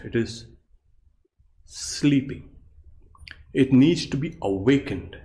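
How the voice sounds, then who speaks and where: A man, a monk and yoga teacher, giving a meditation class in a measured, explanatory way with many pauses. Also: mid-range voice, a little mellow. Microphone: online class recording.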